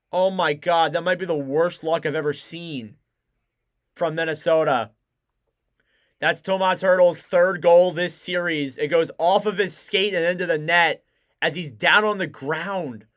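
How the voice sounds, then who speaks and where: A young man doing live play-by-play commentary as a fan streamer, excitable and shouting on big plays. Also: on the high side.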